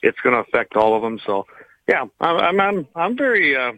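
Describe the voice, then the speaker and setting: A man's voice: fairly high pitch, big pitch swings, brisk, bright, forceful tone, no echo, rough recording. A man co-hosting a gun talk radio segment, explaining court news with small hesitations.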